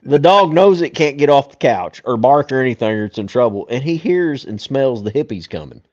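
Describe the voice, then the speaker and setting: A man's voice: mid-range voice, lively intonation, brisk, darkish tone, highs cut off. A man co-hosting a casual podcast movie discussion, crudely retelling scenes with laughs. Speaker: podcast co-host.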